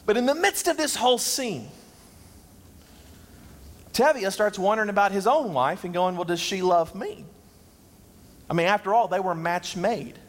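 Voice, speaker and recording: A man's voice: high voice, lively intonation, moderate pace, pauses often. A man preaching a sermon as pastor, conversational and self-deprecating. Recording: long reverb.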